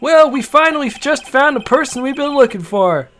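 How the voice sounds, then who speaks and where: A woman voicing an eager young male police officer who talks loudly and brags about his mascot in a fan dub of a game. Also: high voice, expressive, normal speed, faint music behind, pitched above the performer's own voice. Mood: chatty. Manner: loud and chatty, bragging about his mascot.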